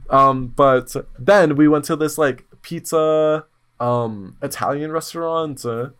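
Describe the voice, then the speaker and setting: A man's voice: takes it slowly, smooth. Blunt, slangy male podcast host. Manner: blunt, slangy and animated, with sudden excited jumps in pitch. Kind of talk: casual chat storytelling.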